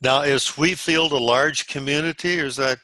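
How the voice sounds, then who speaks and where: This is a man coaching his sales group over a video call. His voice is bright and forceful, recorded close with no room sound. He lays out phone scripts one step at a time, like an instructor. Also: on the high side, moderate pace, no room sound. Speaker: sales team leader.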